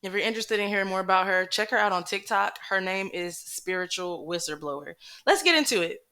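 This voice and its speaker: A woman's voice: mid-range voice, brisk, bright, forceful tone. A woman hosting a compilation, earnestly introducing a guest and vouching for her. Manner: earnest, reassuring. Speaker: compilation host. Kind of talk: casual introduction.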